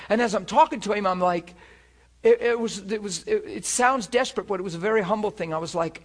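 High-voiced man preaching a testimony. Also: moderate pace. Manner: animated storytelling, swings between hushed and loud; chuckles often while speaking. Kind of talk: sermon with personal testimony.

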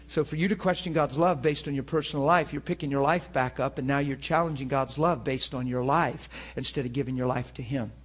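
A man preaching a sermon to a class, talking in an animated, conversational way. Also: mid-range voice, brisk, hardly any pauses.

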